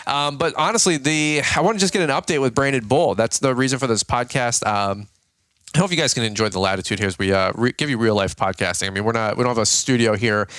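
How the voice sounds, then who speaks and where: A man's voice: medium pitch, fast, smooth, dry recording, clean studio sound. A sleep-deprived man hosting a casual podcast from a home nursery, telling stories with jokes and playful impressions. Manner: joking, animated storytelling with playful impressions. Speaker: podcast host.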